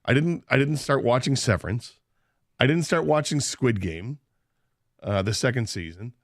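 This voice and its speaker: A man's voice: mid-range voice, expressive, moderate pace, no room sound, studio quality. A man hosting a radio show, telling a story in casual banter and laughing often.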